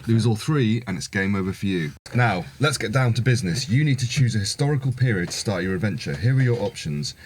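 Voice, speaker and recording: A man's voice: fairly low pitch, expressive, quick pace, hardly any pauses, slightly rough. A man reading as a bossy AI game master.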